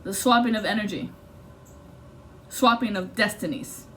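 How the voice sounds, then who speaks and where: A woman's voice: medium pitch, normal speed, a bit bright, slight background noise. A woman giving an intuitive tarot reading in an intense, blunt and profane way. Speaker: tarot reader.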